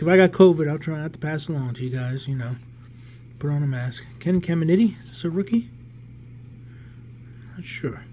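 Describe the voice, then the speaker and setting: 40s guy from the new york area, mellow voice a bit high, thinks out loud, faint hiss behind. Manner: relaxed, rambling, thinking aloud with restarts. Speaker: card collector vlogger. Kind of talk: casual pack-opening commentary.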